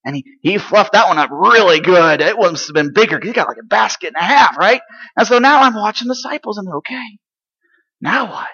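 A man playing an eager eight-year-old boy from Galilee in a dramatic first-person monologue, chatty and excitable, sometimes dropping to hushed asides. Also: high-pitched, brisk, breathy edge, exaggerated voice. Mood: wide-eyed excitement. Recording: dull lo-fi recording.

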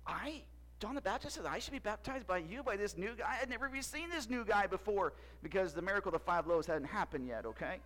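A man's voice: sits high, animated, quick pace, a bit bright, low-quality recording. A man performing a playful first-person Bible story monologue, joking and quizzing the audience. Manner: playful, jokey, asks audience questions. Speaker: costumed storyteller in church skit.

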